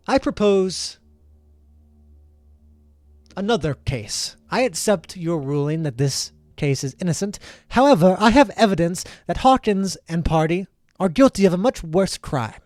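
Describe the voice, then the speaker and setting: A man's voice: sits high, lively intonation, measured pace, pauses often, a little mellow, no room sound, faint music behind, voice pushed up. A man voicing a contemptuous, scheming male devil prosecutor with a sneering, formal manner. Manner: sneering, raised, cold formality.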